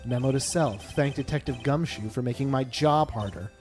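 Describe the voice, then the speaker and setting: A man's voice: mid-range voice, normal speed, a little mellow, soft background music, pitched below the performer's own voice, close to an everyday voice. A man reading the lines of an earnest young male defense lawyer, dry and flustered. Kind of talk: reading game dialogue aloud.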